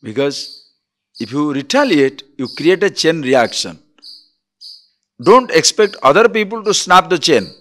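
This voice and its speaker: A man's voice: a little high, measured pace, long pauses. A man giving a spiritual discourse as a teacher, telling stories and acting out quarrels. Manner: animated storytelling, acts out quarrels.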